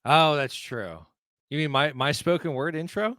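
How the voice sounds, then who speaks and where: A man's voice: a little high, normal speed, bright, forceful tone, dry recording, studio quality. A man co-hosting a sports podcast in a casual chat, with a wry, sarcastic, cheeky manner. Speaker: podcast co-host.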